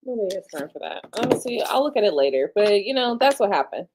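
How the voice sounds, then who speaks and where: A woman hosting a casual livestream, chatty and slangy, tired late at night, dropping to low murmurs and jumping to excited squeals. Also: normal speed, slightly rough. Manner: chatty and slangy, talks to viewers as y'all. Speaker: livestream host.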